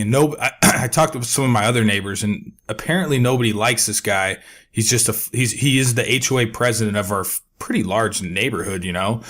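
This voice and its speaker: A young man co-hosting a podcast, telling a long story in a profane, animated way. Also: mid-range voice. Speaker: podcast co-host. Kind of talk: casual storytelling.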